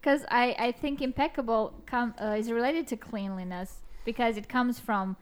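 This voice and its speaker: A woman from Romania with a Romanian accent, a podcast guest chatting in an animated way and laughing often. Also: on the high side, normal speed, clear, resonant tone. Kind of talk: casual podcast chat.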